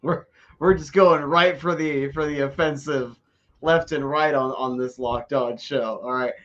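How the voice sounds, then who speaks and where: A man's voice: medium pitch, fairly even intonation, a little slow, a bit bright, dull audio. A man co-hosting a casual sports podcast, joking and rambling and often repeating words as he talks. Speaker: podcast co-host.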